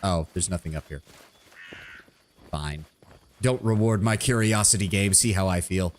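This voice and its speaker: A man streaming a game, chatting casually with viewers, excitable and profane. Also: deep voice, moderate pace, a little hiss or hum. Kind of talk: casual gameplay commentary.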